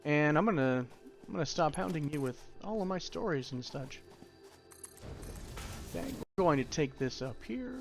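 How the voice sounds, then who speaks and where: A man's voice: a little high, expressive, moderate pace, pauses often, soft background music. A young man giving casual, rambling tutorial commentary while playing a factory-building game, with self-deprecating asides. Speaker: gaming YouTuber.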